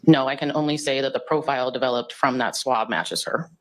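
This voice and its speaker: A woman's voice: a bass voice, a little fast, a little hiss or hum. A woman testifying as a forensic witness in a courtroom, giving brief, careful answers under cross-examination.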